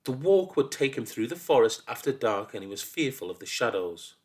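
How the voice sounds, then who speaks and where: Storyteller: man, expressive storybook reading, very animated pitch. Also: fairly quick. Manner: lively, expressive.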